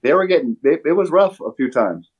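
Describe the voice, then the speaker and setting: A man in his fifties, a guest in casual chat, laid-back and halting with many restarts. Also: fairly high pitch, animated, breathy edge. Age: 50s. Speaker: guest, former tour crew.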